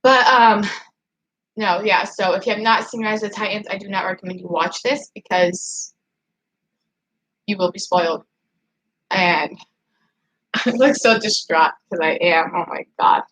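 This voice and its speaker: A woman's voice: medium pitch, unhurried, pauses often, a bit bright, slight background noise, poor audio. A woman on a casual livestream, rambling and emotional, still upset after crying, with nervous laughs and many fillers while she answers her chat. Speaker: livestreaming vlogger.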